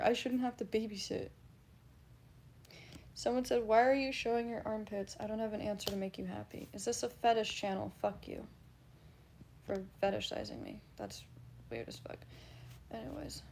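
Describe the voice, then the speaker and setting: A woman streamer reads her chat aloud and answers it in a casual, blunt way, laughing often and cursing freely. Her voice sits fairly high, with a gravelly, fry-edged texture, and a faint low rumble underneath. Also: normal speed, long pauses, darkish tone. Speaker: livestreamer. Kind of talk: casual livestream chat reading.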